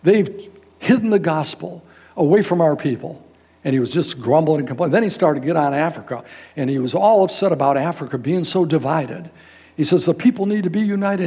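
An older man, a guest pastor, telling a story in a sermon in a folksy, animated way, acting out the people in it. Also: on the high side, fairly quick, gravelly, breathy edge. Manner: animated, folksy, quotes people in raised voices.

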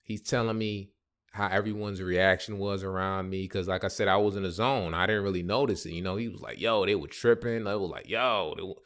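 A man hosting a podcast and telling a comedic story in an animated, slangy way, often breaking into silly sound effects. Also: low voice, a little fast. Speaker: podcast host.

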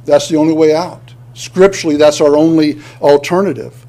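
A man's voice: on the high side, fairly even intonation, normal speed, dark tone. A male pastor preaching a sermon, earnest, often restarting words and building to emphatic points.

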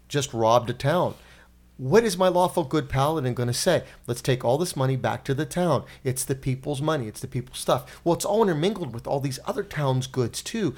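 Lively co-host steering a casual group chat about tabletop games, with a man's mid-range voice. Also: medium pitch. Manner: animated, leads the discussion with questions. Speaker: podcast co-host.

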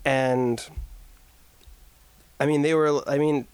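A man's voice: mid-range voice, steady tone, slow pace, darkish tone, clean tone, no room sound. A man co-hosting a podcast in casual, rambling chat. He is jokey and fills his talk with "like". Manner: rambling, filler-heavy, jokey. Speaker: podcast co-host.

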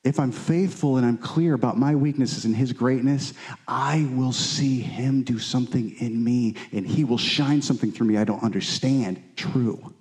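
A man's voice: medium pitch, normal speed, a little mellow. A man preaching a sermon, earnest and emphatic, often repeating his key phrases. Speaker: pastor.

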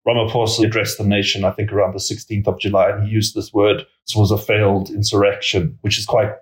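A man explains his analysis in a measured, conversational way, padding his sentences with hedges and fillers. His voice sits on the low side. The recording carries a noticeable roomy echo. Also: level tone. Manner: measured, hedging with many fillers. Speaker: political risk analyst guest. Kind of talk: conversational expert commentary.

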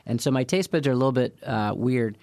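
A man's voice: medium pitch, fast, darkish tone, no room sound. A man co-hosting a casual chat, telling stories with dry, self-deprecating humor. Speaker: podcast co-host.

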